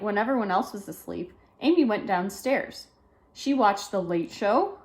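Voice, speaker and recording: A woman reading a children's picture book aloud, with lively delivery and chatty asides about the pictures. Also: mid-range voice, moderate pace. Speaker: storybook reader.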